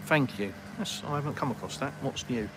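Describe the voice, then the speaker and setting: A man's voice: mid-range voice, expressive, brisk, a bit bright, a little hiss or hum, rough recording. An English man hosting a casual live stream outdoors in a garden, rambling and colloquial as he reads viewers' comments aloud. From England.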